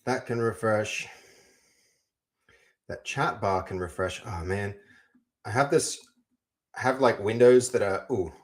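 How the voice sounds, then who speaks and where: With a lowish voice and a measured pace broken by long pauses, a young man chats casually to his viewers while coding live. He rambles, addresses the chat and restarts a lot.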